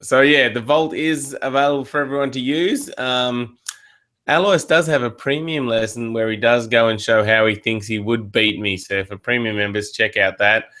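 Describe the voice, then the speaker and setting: An Australian man hosting a show, chatting casually and reading out listener questions. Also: mid-range voice. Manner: relaxed, reads listener questions. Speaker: show host. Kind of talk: casual chat.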